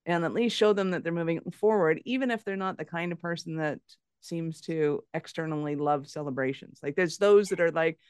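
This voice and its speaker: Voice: medium pitch, fairly quick, clear, resonant tone, no echo, clean studio sound. A podcast host chatting casually with a guest, giggly and agreeable. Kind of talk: casual interview chat.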